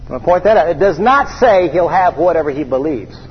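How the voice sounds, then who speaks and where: Male pastor, high voice, call-and-response preaching; muffled church recording with reverb. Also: animated, fast, slightly rough. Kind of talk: sermon.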